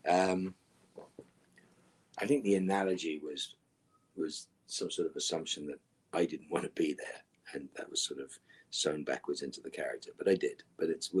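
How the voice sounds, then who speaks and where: A middle-aged man answering fan questions in a virtual Q&A panel over a video call. He is dry and wry, and often trails off into soft, mumbled asides. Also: a bass voice, slightly rough.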